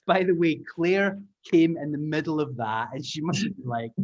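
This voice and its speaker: A man with a high-leaning, expressive voice runs an online taster class for language teaching, speaking at a moderate pace. As an upbeat, encouraging English teaching trainer, he explains sounds step by step. The video-call audio comes through muffled.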